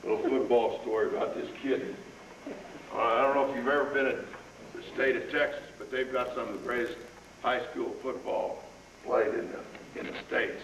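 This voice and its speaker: An older man coaching football linemen, spinning a folksy yarn before barking blocking drills. His voice is mid-pitched and heard from a distance through a camera mic. The sound is roomy, with clear outdoor noise around him. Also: steady tone, normal speed, a bit bright. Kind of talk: storytelling and on-field coaching demo. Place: outdoors on a practice field.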